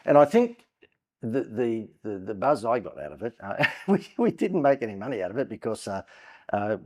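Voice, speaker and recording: A man's voice: on the low side, sing-song, normal speed, darkish tone. A man, a guest on a podcast, telling long anecdotes in a chatty way with frequent "uh" fillers. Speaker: guest entrepreneur. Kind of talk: conversational storytelling.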